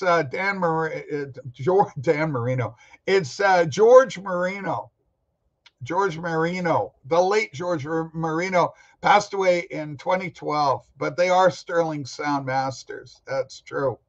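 A man hosts a casual livestream about records, rambling and joking with his chat. His voice sits a little high. The sound is dull and lo-fi. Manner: rambling, jokey, talks back to chat commenters. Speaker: host of a record-collecting livestream. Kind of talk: casual live-chat talk.

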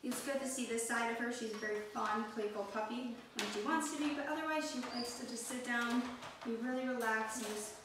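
A woman's voice: on the high side, fairly even intonation, fairly quick. A young woman dog trainer giving upbeat praise cues while explaining a training session. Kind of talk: training demonstration with commentary. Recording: echoey room, mic far off, noisy.

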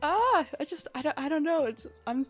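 A woman's voice: high-pitched, animated, fairly quick, faint music behind. A young woman live-streaming a building game, chatting casually and thanking viewers in a gushing, rambling way. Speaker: livestreamer.

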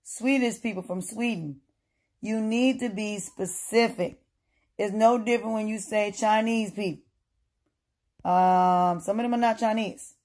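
A woman delivers a casual opinion monologue, hammering her points home through repetition. Her voice is dark and mellow, and her tone is lecturing. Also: mid-range voice, fairly even intonation, a little slow.

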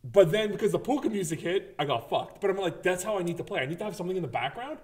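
Lively storytelling man, fairly high voice. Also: very fast. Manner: animated storyteller, swears freely, acts out his own reactions. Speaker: podcast co-host. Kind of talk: casual gaming podcast chat.

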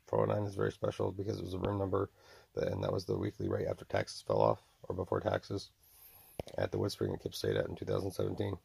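Talking to himself on a recording he made, a man in his forties mumbles, prolongs his exclamations, and acts out tormentors he imagines. His low-pitched voice has vocal fry, a slightly mellow quality, and a breathy edge.

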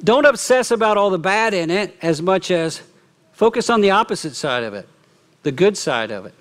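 A middle-aged man preaching a sermon as lead pastor, lively, often acting out quoted remarks. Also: high-pitched, moderate pace. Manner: animated, acts out quoted speech. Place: church.

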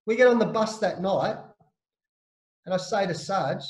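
Animated Australian man, high voice, echoey. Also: measured pace. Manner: lively, blokey, acts out the voices in his stories. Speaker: interview guest, former captain. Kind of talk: animated anecdotal storytelling.

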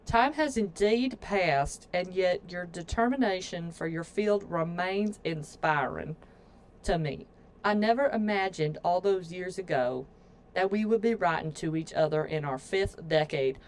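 A woman's voice: on the low side, normal speed, few pauses, a little hiss or hum, close to an everyday voice. A woman putting on a genteel middle-aged sister. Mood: earnest. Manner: clumsy put-on old-fashioned accent.

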